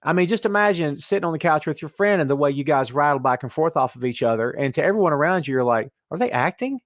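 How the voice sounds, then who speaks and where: A man hosting a casual wrestling podcast, talking in an animated way and reading listener comments aloud. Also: on the high side, fast, no echo, studio quality. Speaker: podcast host.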